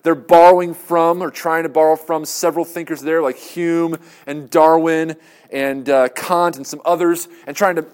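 Male lecturer, earnest and conversational, voice a touch higher than usual, prone to rhetorical questions. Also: fairly even intonation, moderate pace, a little mellow, clean tone. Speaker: speaker on Christian apologetics. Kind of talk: lecture with audience Q and A.

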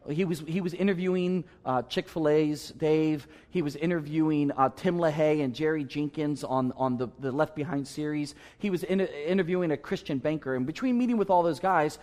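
Preaching in a fairly high, bright-edged voice, this male pastor recounts a personal story to his congregation. He moves fairly quickly with hardly any pauses, staying earnest and conversational while punctuating his message with emphatic asides.

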